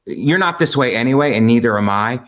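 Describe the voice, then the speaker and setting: Male comedy podcast co-host, mid-pitch, rambling, jumps in with jokes, over-caffeinated, remote call audio. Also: expressive, brisk, fairly bright tone. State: over-caffeinated, short on sleep. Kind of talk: casual comedic chat. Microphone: video call.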